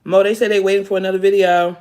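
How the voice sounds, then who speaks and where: A woman's voice: medium pitch, little pitch movement, fast, a little mellow. An American woman hosting a casual live stream, chatting frankly and joking as she reads viewers' comments aloud. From United States. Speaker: livestream host.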